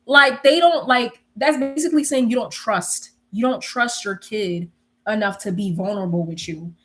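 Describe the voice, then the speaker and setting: A young woman telling stories in a casual, animated way, swearing freely and laughing often. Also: mid-range voice, normal speed. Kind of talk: casual storytelling chat.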